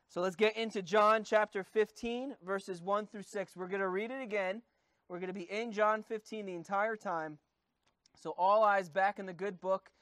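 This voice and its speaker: A man's voice: high voice, a bit bright, no room sound. A man in his thirties, a pastor giving a conversational, encouraging sermon with frequent fillers.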